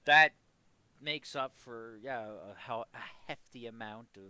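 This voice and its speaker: A Canadian man co-hosting a podcast, chatting in a rambling, animated way. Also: medium pitch, a little slow, dry recording, dull audio. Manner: animated, rambling, full of fillers. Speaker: podcast co-host. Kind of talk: casual chat.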